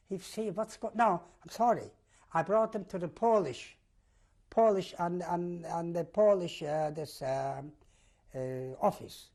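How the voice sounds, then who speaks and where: Older guy, husky voice, halting broken english, repeats words a lot, telling his story in an oral history. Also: high voice, a little mellow. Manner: vivid retelling. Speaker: testimony giver.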